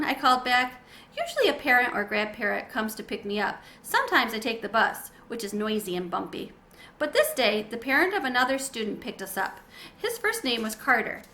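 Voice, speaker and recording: A woman reading a children's chapter book aloud in an expressive, gentle way. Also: a little high, slight background noise. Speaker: storybook reader.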